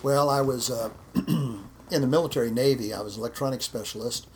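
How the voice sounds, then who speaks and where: A man's voice: medium pitch, fairly quick, a little hiss or hum. A man, a martial arts instructor, telling stories in a casual interview, repeating words and acting out quotes. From United States.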